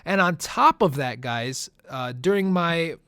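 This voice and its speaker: A man's voice: fairly high pitch, lively intonation, measured pace, sharp tone, clear, resonant tone, no echo, clean studio sound. A young man who grew up speaking Italian, answering viewer questions in a laid-back, chatty way and often calling his listeners "man" and "guys". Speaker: gaming YouTuber. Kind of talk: casual Q&A commentary over gameplay.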